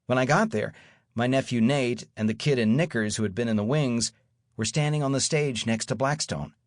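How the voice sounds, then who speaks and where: A man's voice: mid-range voice, normal speed, no echo. A man narrating an audiobook in the first person, with wry, dry storytelling.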